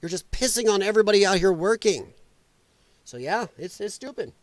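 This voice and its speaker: A man's voice: high-pitched, expressive, brisk, dry recording. A man hosting a livestream from home, ranting in casual political commentary and putting on mocking voices. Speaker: livestream host. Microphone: headset.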